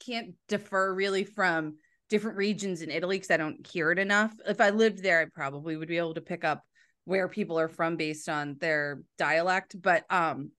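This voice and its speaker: A woman's voice: on the low side, normal speed, a bit bright. A woman hosting a casual interview, chatty and enthusiastic, often saying "like". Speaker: interview host.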